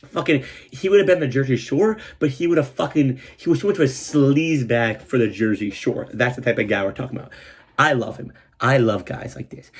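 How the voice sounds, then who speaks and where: A man telling a comic story about an old job, swearing a lot and acting out what people said in a raised, excited voice. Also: breathy edge. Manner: animated, swears a lot, acts out quotes in a higher voice. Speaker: comedian host telling a story. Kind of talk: profane comedic storytelling.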